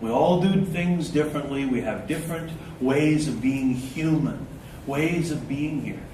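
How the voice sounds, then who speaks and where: A man's voice: medium pitch, slight background noise. Man in his fifties leading a talk in an echoey hall. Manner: slow, drawn-out chanting of short affirmations; relaxed, humorous storytelling. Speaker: spiritual speaker. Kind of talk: guided spiritual talk with personal stories. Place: indoor event venue before a live group. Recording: echoey hall recorded from a distance, faint ambience.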